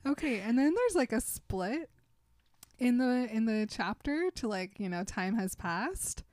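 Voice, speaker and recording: Animated woman retelling a story. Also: fairly high pitch, measured pace, dry recording, studio quality. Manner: animated storytelling, acts out characters. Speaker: podcast co-host. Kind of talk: casual book-club chat.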